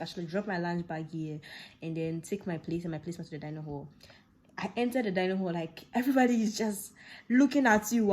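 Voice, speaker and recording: A young woman with a Ghanaian English accent, telling a casual personal story and acting out the dialogue with laughs. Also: medium pitch. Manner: animated, laughing, acts out dialogue. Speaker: vlogger.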